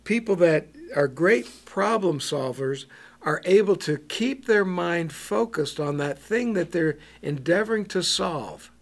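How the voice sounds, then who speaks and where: A man preaching a bible teaching, slow and halting, with many ums and repeated words. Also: high voice, animated.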